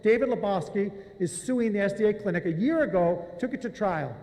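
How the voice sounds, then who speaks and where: A man with a notably high voice delivers confrontational testimony at a public hearing, pressing officials point by point. His words ring out with a long reverb from the hearing room. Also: brisk. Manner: forceful, confrontational, addresses officials directly.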